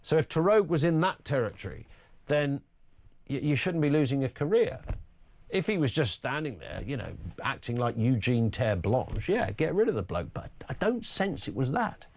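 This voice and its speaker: Blunt British talk radio host. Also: male voice, mid-range voice, big pitch swings, normal speed, vocal fry. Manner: blunt, conversational, jokey asides. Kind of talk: opinion monologue and phone-in. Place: radio studio.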